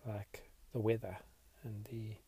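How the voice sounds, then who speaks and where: Reflective male podcast host leading a slow meditation, low-pitched, husky, very even tone. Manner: slow, reflective, soft-spoken.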